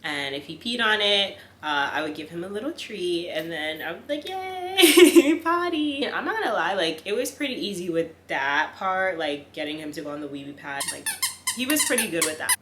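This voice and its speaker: A woman's voice: low voice, expressive, a little fast, sharp tone. A young woman chatting casually to camera with lots of fillers, giving tips and talking to her dog. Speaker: vlogger. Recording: echoey room, faint room noise.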